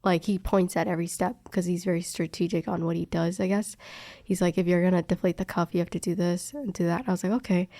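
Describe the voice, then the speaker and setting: A woman's voice: fairly low pitch, fast, dry recording, studio quality. Chatty young woman telling a story. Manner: animated, acts out quoted dialogue, many fillers. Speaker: respiratory therapist telling a story. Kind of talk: casual storytelling chat.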